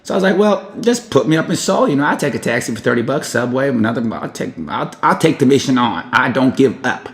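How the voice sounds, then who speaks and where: A man telling a long personal story in a casual vlog. He rambles and jumps into high, animated voices when quoting people. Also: fast talker, vocal fry, few pauses.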